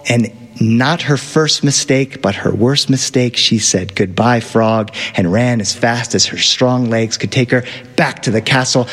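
A man telling a fairy tale to an audience in a playful, animated way, with asides to the listeners. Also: medium pitch, big-room sound. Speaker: storyteller. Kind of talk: live storytelling to an audience.

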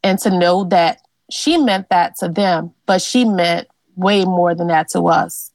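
A woman's voice: on the low side, unhurried, no room sound, poor audio. A woman from Louisiana in an interview, earnestly telling a personal story about her family and ancestors. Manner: earnest and animated, with fillers. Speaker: interviewee, genealogist.

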